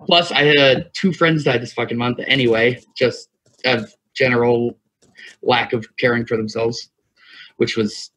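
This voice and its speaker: Over a lo-fi single USB mic, a podcast co-host in his thirties rambles through a long story, laughing a lot and cursing freely. His mid-range voice is a bit bright, a little slow, with fairly even intonation.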